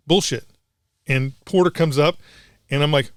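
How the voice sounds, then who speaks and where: A man's voice: fairly high pitch, brisk, dry recording, studio quality. A middle-aged man, a combat veteran guest, telling a war story in blunt, profane casual talk.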